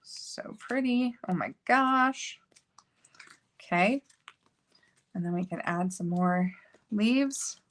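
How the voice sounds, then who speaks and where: A woman's voice: medium pitch, takes it slowly, long pauses. A woman hosting a card-making video, chatting casually and thinking aloud as she works. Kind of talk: casual crafting tutorial chat.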